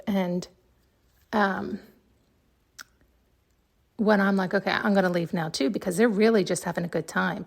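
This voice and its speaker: A woman hosting a podcast, telling a story in a chatty, excitable way and laughing often. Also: mid-range voice, vocal fry. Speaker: podcast host. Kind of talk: casual storytelling monologue.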